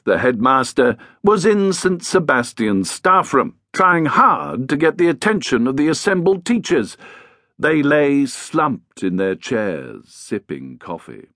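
Male narrator, children's audiobook, very lively pitch, dry studio sound. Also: slow, no echo. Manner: animated, expressive reading.

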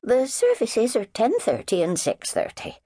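A woman voicing a kind, composed older spinster who speaks gently and politely in an audiobook. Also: fairly high pitch, huge pitch swings, measured pace, breathy edge, no echo, studio quality, pitched above the performer's own voice, exaggerated voice. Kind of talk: audiobook character reading.

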